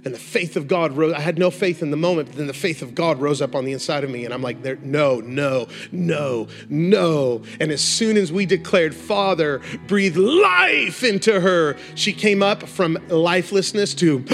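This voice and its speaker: A male preacher delivering a passionate sermon, moving between hushed reflection and rising exhortation. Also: a little high, fairly quick, few pauses, faint music behind.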